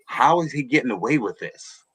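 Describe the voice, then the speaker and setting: A man on a podcast panel, talking in a deliberate, searching way with pauses. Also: medium pitch, animated, a bit bright, breathy edge, no echo. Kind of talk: casual discussion.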